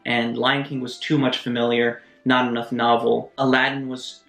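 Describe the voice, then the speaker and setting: Gravelly man reviewing in an echoey room. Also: medium pitch. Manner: animated, quick asides and mock voices. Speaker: movie reviewer. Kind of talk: casual video essay review. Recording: roomy echo, faint music behind.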